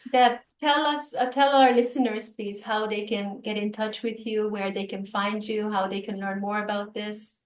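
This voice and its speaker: A woman's voice: medium pitch, fairly even intonation, normal speed. A woman podcast host chatting playfully and laughing easily. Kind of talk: casual interview chat. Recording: roomy, distant mic.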